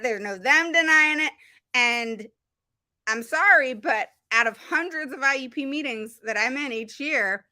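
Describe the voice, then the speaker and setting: A woman special education advocate talking straight to her viewers in a blunt, animated way, her voice swinging up and down as she talks. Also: mid-range voice, no room sound. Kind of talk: casual direct-to-camera talk.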